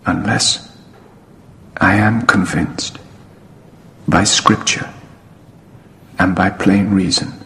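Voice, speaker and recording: An actor playing a defiant male reformer on trial, declaring his stand slowly and solemnly, heard from a film clip played in a reverberant hall. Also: sits low, steady tone, creaky, bright, forceful tone, full character voice. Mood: solemn defiance. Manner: slow, solemn, deliberate declaration.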